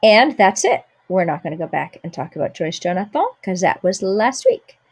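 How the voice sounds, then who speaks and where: A woman teaching a French lesson, explaining pronunciation patiently and slowing down to model each word. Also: fairly low pitch, sing-song, husky. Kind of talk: spoken language lesson.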